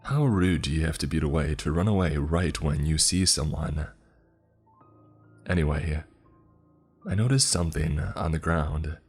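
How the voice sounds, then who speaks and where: A man narrating a first-person horror story in a slow, measured, even storytelling manner. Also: rumbling low, husky, soft background music.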